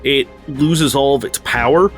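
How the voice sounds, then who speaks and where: A relaxed man narrates a tabletop game as its master, rambling easily with plenty of fillers. His voice sits at a middle pitch, and soft music plays behind him. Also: unhurried. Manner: casual, loose narration with many fillers.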